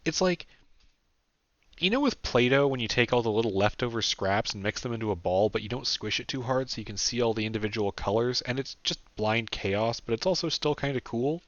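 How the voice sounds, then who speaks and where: A man's voice: medium pitch, lively intonation, fairly quick, no echo, voice pushed up, natural voice. A man voicing a rambling, candid young leader. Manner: rambling, casual, swears freely. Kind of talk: audiobook character voice. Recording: dull dry lo-fi recording.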